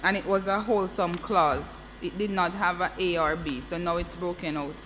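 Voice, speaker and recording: A woman's voice: on the low side, steady tone, normal speed, fairly bright tone. A woman in a large hearing room reading draft legal clauses to a committee, careful and formal, correcting herself as she goes. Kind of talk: reading legislation aloud and explaining it. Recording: hall reverb with faint hum.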